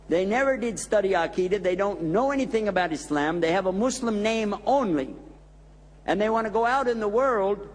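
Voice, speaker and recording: A man's voice: high voice, long reverb tail. A man, an imam, giving a sermon in an emphatic storytelling manner.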